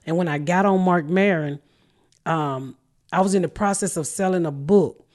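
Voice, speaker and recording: A woman's voice: lowish voice, moderate pace, a little mellow. Brash, profane middle-aged woman storyteller. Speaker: podcast host and comedian. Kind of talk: casual storytelling chat.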